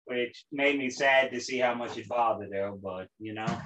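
A man's voice: mid-range voice, normal speed, a bit bright. A young man hosting a casual podcast, profane, rambling and exasperated. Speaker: podcast host.

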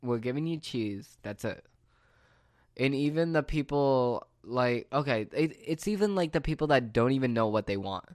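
A man's voice: medium pitch, animated, moderate pace, no echo, studio quality. A man working the phones at a pizza shop, ranting sarcastically about customers in a casual, rambling monologue. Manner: exasperated, sarcastic, rambling with restarts.

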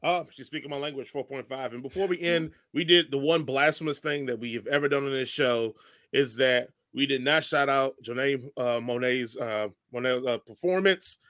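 A man's voice: mid-range voice, a little fast, a bit bright. A man co-hosting a casual review chat, enthusiastic and joking, with frequent fillers. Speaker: podcast co-host.

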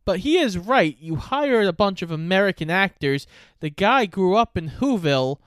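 A man co-hosting a casual movie review podcast, who calmly reasons and gently pushes back. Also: high-pitched, normal speed, smooth, dry recording, studio quality. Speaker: podcast co-host.

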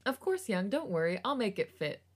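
A woman reading the part of a confident young man who speaks in a breathy, playful way. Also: medium pitch, sing-song, brisk. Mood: teasing.

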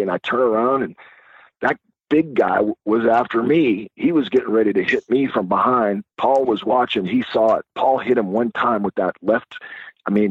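An older man telling rowdy stories as a guest, acting out the voices and shouts of the people in them. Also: fairly low pitch, husky, no room sound. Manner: acts out voices and screams in his stories, laughs a lot. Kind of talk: animated storytelling. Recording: dull lo-fi sound.

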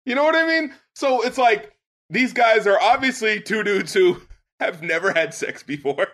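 High, bright-voiced man, animated chat. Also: normal speed. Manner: animated, laughs often, swears freely. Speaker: podcast host, music critic. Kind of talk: casual review chat.

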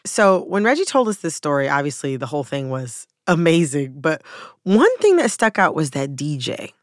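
A woman's voice: low-pitched, sing-song, moderate pace, no echo. A woman host giving scripted, conversational narration. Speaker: podcast host. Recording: dry studio with light music.

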